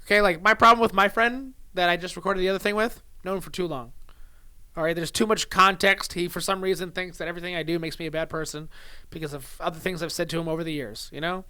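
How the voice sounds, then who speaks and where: A man's voice: sits high, steady tone, quick pace, bright, forceful tone, smooth, no room sound. A young man from California hosting a casual podcast, rambling and joking and laughing often. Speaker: podcast host.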